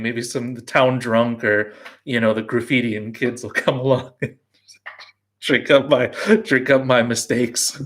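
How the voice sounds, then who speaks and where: A man's voice: mid-range voice, little pitch movement, measured pace, a bit bright. Rambling self-mocking man on a live stream. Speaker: beer blog host. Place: home brew house.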